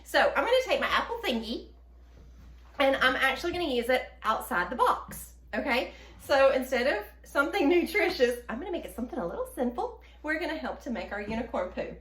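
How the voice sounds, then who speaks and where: A woman's voice: sits high, a bit bright, reverberant. A woman with a Southern US accent hosting a casual cooking demonstration of her own baking product, chatty and upbeat with frequent ums and laughs.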